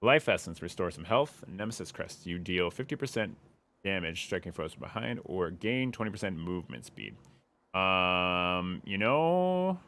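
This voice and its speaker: Playing a game live, a young streamer keeps things playful, humming and mocking his enemies as he comments. His low-pitched voice is expressive and fairly bright, at normal speed.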